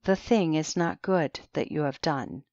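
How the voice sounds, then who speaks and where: Stern eldest brother, read by a woman, reproachful, lowish voice, dull dry recording. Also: measured pace, a little mellow, no echo. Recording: dry, slightly muffled recording.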